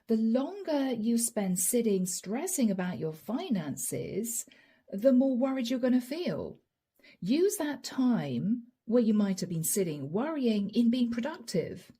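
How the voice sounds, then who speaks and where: A woman's voice: a little high, mellow, slightly rough. A middle-aged woman giving a channeled tarot reading to camera, chatty and addressing her viewers directly. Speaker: tarot reader.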